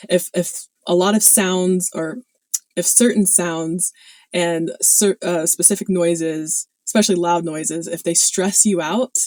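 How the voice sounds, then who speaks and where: A woman's voice: lowish voice, darkish tone, no echo. A woman talking casually to her viewers in a chatty way, full of fillers and small laughs. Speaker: video host. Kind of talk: casual talk to camera.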